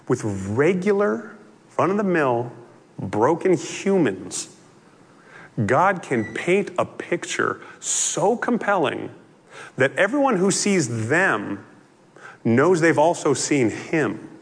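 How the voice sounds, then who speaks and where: A male pastor preaching a sermon, telling the story in an animated way with frequent conversational asides. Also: on the high side, husky, in a large hall.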